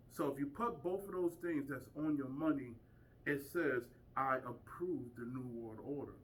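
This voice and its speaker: A man teaching a small group in a loose, emphatic lecture, firing off rhetorical questions. His voice is mid-pitched and sits back from the microphone, with a faint hiss of noise underneath. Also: recorded from a distance, low-quality recording. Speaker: community speaker teaching a group. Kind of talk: informal lecture to a small audience.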